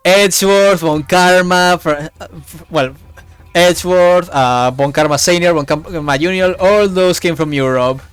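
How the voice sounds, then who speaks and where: A man's voice: on the high side, clean tone. A man streaming a game live, chatting loosely and tripping over his words as he reads along. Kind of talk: live game playthrough with read-aloud dialogue.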